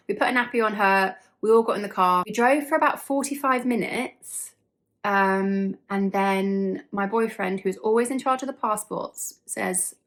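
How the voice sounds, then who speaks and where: A woman's voice: medium pitch, fairly bright tone. A young woman telling a story casually to her vlog audience, chatty, with lots of fillers and frequent laughs. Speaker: vlogger.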